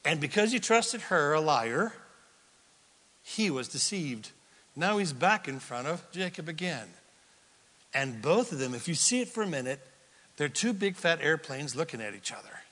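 A male pastor giving a sermon, telling a story with animated delivery and questions to the congregation. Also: a little high, moderate pace, big-room sound. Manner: animated storytelling, acts out quotes, asks the crowd questions.

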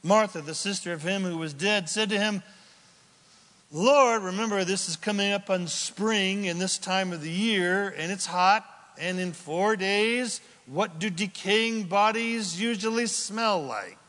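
A man preaching a sermon with dramatic delivery, swinging from loud outbursts to hushed near-whispers. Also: high voice, measured pace, in a large hall. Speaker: pastor.

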